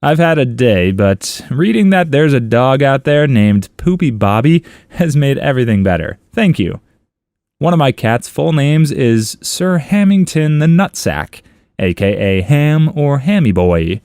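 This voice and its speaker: A man reads online comments aloud for a story channel, playful and amused. His mid-pitched voice swings up and down with a lot of life. The sound is dry and close, with no room around it. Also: very animated, unhurried, a little mellow, dry recording.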